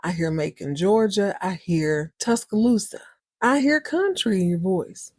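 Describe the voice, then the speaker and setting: A big-talking country man who owns a roadside diner, excitable and brash, as a woman puts him on. The voice sits at an ordinary middle pitch and is recorded dry and close, with no room sound. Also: a little slow, slightly rough, dry recording. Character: loud friendly country man running a diner.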